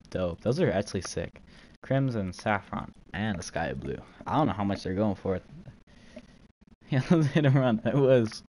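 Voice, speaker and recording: Laid-back male streamer on a live gaming stream, slightly low voice, jokey chat reader, faint background noise. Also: darkish tone, rough recording. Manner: joking, laid-back, reads chat aloud. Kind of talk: casual livestream chat while trading.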